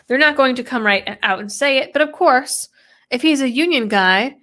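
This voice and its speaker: A woman's voice: on the high side, a bit bright. A young woman reading out a news article and picking it apart with sarcastic, skeptical commentary. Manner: sarcastic, quotes text then mocks it. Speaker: political commentator.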